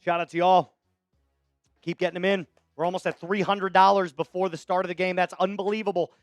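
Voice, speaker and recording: A man's voice: sits high, flat delivery, a little fast, no room sound, soft background music. Male stream host, upbeat and chatty, thanking donors; dry close sound. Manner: hyped, shouting out chat donors. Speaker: livestream host. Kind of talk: live sports play-by-play stream.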